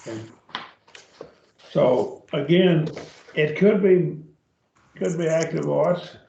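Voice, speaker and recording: Patient male Bible-class teacher, gravelly, heard from across an echoey room. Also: mid-range voice, mellow, a little hiss or hum. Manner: patient, explains step by step, checks with "okay?". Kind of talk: classroom grammar lesson. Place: church classroom. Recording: distant, roomy and dull.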